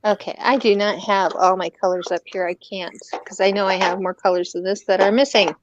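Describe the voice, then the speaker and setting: A woman's voice: medium pitch, steady tone, fairly quick, lo-fi sound, noisy background. A woman on an art live stream, flustered and talking to herself as she searches. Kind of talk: casual chat.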